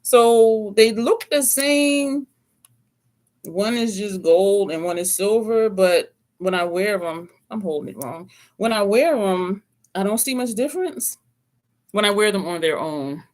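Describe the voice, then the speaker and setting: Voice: mid-range voice, expressive, moderate pace. A beauty vlogger chatting casually through a makeup rundown, rambling, correcting themselves and tossing in playful asides. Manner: laughs now and then, playful asides. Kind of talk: casual makeup review chat.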